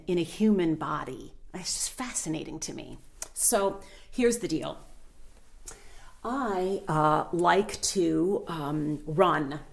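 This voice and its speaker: Middle-aged woman hosting a meditation channel: heartfelt spiritual storyteller, low gravelly voice, earnest with frequent pauses. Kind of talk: personal storytelling to camera.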